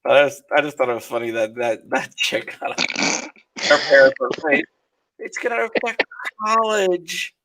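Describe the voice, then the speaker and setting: A man's voice: medium pitch, fairly even intonation, brisk, fairly bright tone, slight background noise. A man as a guest in a casual political chat, hesitant and trailing off, laughing along.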